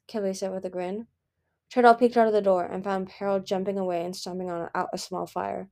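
A woman's voice: flat delivery, dark tone. A woman reading a novel chapter aloud, lifting her voice for the characters' lines. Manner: reads briskly, raising pitch and volume for dialogue. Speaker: fan reader of a novel.

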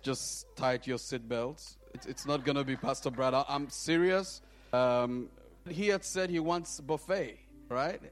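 A man preaching as a guest in a church, humble and soft-spoken with halting fillers, then leading worship singing. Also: medium pitch. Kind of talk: sermon opening and worship singing. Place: church sanctuary.

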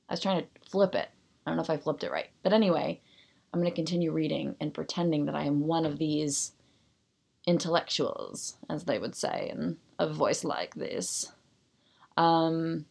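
A woman's voice: on the low side, creaky. A woman hosting a solo podcast, reading an article aloud and breaking off into self-deprecating, rambling asides. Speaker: podcast host.

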